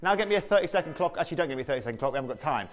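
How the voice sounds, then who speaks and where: A man presenting a live shopping channel show, selling jewellery with energetic, pushy salesman patter. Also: a little high, racing.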